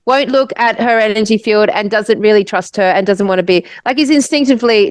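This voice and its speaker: An Australian woman co-hosting a podcast, telling a wild story in an animated, rambling way and swearing freely. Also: fairly high pitch, brisk, few pauses, no room sound, poor audio. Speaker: podcast co-host. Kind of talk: casual storytelling.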